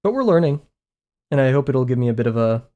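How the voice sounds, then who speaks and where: In a somewhat muffled recording, a young man with a warm, medium-pitched, sing-song voice talks fast. He draws on a live stream, chatting loosely with viewers, rambling, joking at his own expense, and talking to chat.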